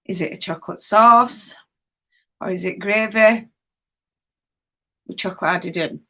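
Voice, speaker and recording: Slow-talking woman. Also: medium pitch, sharp tone. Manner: chatty, reads viewer comments aloud and reacts to them. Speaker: livestream host. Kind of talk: casual live-stream chat while knitting.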